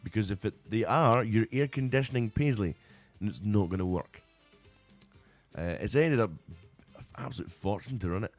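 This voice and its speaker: A man's voice: lowish voice, moderate pace, soft background music. A Scottish man hosting a live radio stream in casual, rambling chat, often breaking into giggles, and a little tired. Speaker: radio show host.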